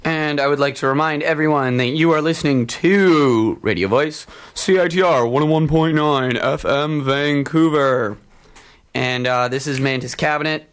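A man at a studio microphone, rambling through a campus radio show with a mid-pitched voice. He fills pauses with ums and uhs and pokes fun at himself as he introduces songs. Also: a bit bright, a little hiss or hum. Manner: rambling, self-deprecating, many ums and uhs. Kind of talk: casual radio chat.

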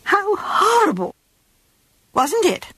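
A man putting on a gushing, theatrical falsetto as a prim, fussy genteel older lady. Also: huge pitch swings, takes it slowly, bright, forceful tone, no room sound, full character voice. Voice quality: high breathy falsetto.

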